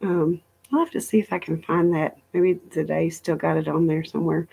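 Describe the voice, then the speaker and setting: A woman's voice: low voice, fairly even intonation, moderate pace, vocal fry, mellow, husky. Rambling woman hosting a casual livestream. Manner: rambling, reads viewer comments aloud. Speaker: livestream host. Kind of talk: casual live-stream chat.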